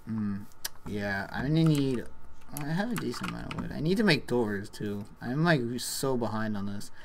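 A man's voice: mid-range voice, animated, normal speed, gravelly, a little hiss or hum. A young man, maybe in his teens, chatting casually and rambling with lots of fillers while he plays a game on a desktop microphone, with keyboard clicks behind him. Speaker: gaming channel host. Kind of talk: casual gameplay commentary. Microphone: desktop USB microphone. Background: keyboard typing and clicks.

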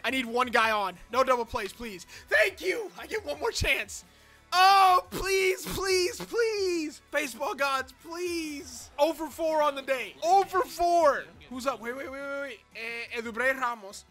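A young man giving excitable commentary over his own baseball video game, chatting to viewers and shouting and groaning at each play. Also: very high-pitched. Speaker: gaming channel host. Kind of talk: live gameplay commentary.

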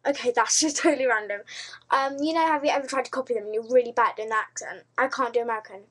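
A high-voiced British woman rambles excitedly to the camera, restarting sentences as she goes. Her talk is bubbly and quick to jump between thoughts. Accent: British English. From Britain. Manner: giddy, rambling, restarts a lot. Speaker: video blogger. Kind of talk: casual video response.

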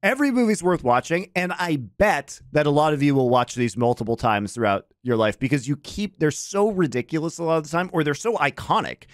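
A man's voice: on the high side, animated, brisk, hardly any pauses, dry recording, clean studio sound. A man co-hosting a casual film podcast, wrapping up upbeat and speaking to listeners. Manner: upbeat wrap-up, addresses listeners. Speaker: podcast co-host.

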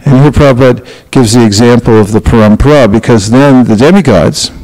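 A man's voice: mid-range voice, brisk, a little mellow, rough recording. A man leading an interactive scripture class, speaking directly and coaching his students as he corrects them. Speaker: spiritual teacher leading a class.

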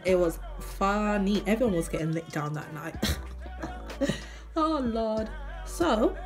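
A young woman chatting casually while doing her makeup, animated and full of swearing. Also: on the high side. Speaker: beauty vlogger. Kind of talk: casual get-ready-with-me chat.

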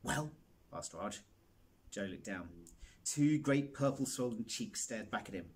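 A man reading a children's novel aloud with animated storytelling. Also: medium pitch, moderate pace, slightly rough. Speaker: reader.

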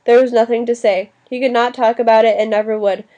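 A woman narrating an audiobook in an even reading voice, now and then restarting a word. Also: fairly high pitch, fast, dull audio. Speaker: audiobook reader.

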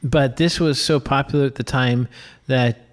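A man's voice: medium pitch, fairly even intonation, moderate pace. A man co-hosting a casual film podcast who laughs readily and thinks aloud with small restarts. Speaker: film podcast co-host and filmmaker. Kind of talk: casual film discussion chat.

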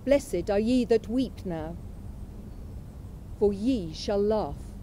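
A woman reading aloud from a lecture at a memorial event in a measured, unhurried way. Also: mid-range voice, expressive, warm tone, slight background noise, rough recording. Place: college chapel.

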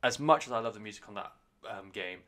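Man, podcast host, lowish voice, casual rambling review, sweary, excitable. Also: fast. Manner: rambling, enthusiastic, sweary, self-correcting.

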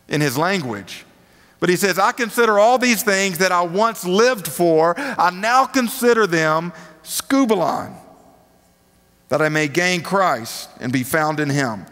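A male preacher with a twang and a noticeably high voice delivers a laid-back sermon. He reads scripture and throws casual rhetorical questions at the crowd. His voice rings through the long reverb of a big worship hall. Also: a bit bright. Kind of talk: conversational sermon.

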